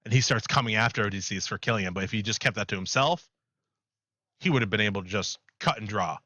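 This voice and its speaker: Man, podcast co-host, rambling animated storyteller; crisp bright tone, dry room. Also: lowish voice, quick pace, no echo. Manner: rambling, animated retelling with laughs. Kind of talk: casual chat, storytelling.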